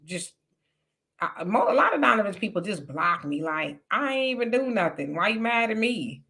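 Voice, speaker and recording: A woman's voice: mid-range voice, big pitch swings, normal speed, sharp tone. A woman hosts a casual live-stream chat, reading viewer comments and answering them candidly. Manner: candid, conversational, reads comments aloud with asides. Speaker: live show host.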